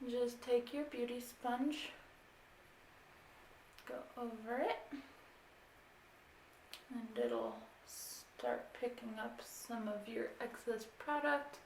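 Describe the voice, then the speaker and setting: A woman's voice: fairly high pitch, expressive, slow, long pauses, darkish tone, slight background noise. A woman in her twenties giving a casual makeup tutorial, explaining each step in an easygoing way with lots of filler words. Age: 20s. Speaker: beauty vlogger. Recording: roomy echo, faint ambience.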